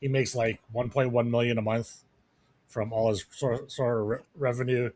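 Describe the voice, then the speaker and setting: A man co-hosts a podcast in loose, casual chat, rambling through thoughts with plenty of fillers and restarts. His voice sits at a middling pitch and is recorded dry and close, with no room sound. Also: steady tone, normal speed, a little mellow, no echo. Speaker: podcast co-host.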